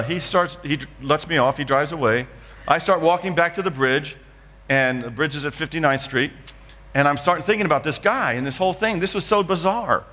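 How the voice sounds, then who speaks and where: A man's voice: on the high side, sharp tone, in a large hall. A man preaching a dramatic testimony in church, acting out scenes from his story. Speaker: guest preacher. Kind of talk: sermon testimony.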